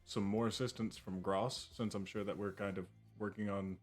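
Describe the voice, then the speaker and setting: A man playing in a tabletop role-playing game, talking in a halting, stammering way. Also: on the low side, little pitch movement, faint music behind. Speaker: guest player.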